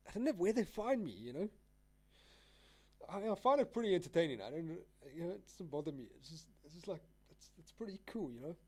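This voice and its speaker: Fairly high-pitched and very animated, this young man from South Africa talks fairly quickly in a mellow voice with a breathy edge. He's a trading livestreamer chatting casually, laid-back and slangy, rambling and laughing often.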